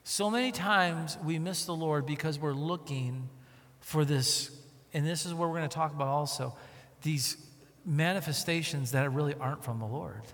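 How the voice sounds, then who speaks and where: A man preaching a sermon, emphatic, with rhetorical questions to his listeners and volume that swings from loud to hushed. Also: a little high, normal speed. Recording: long reverb of a hall.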